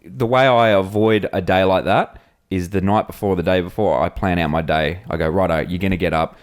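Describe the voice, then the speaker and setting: A man's voice: sits low, steady tone, brisk, clean tone. An Australian man co-hosting a podcast, telling casual stories full of swearing and laughter. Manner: swearing storyteller, laughs often. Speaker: podcast co-host. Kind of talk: casual chat.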